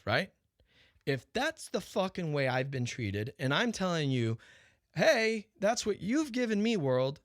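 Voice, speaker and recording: A man's voice: medium pitch, a bit bright, no echo, studio quality. A man hosting his own talk show, ranting profanely in an unscripted monologue, firing rhetorical questions and restarting his sentences.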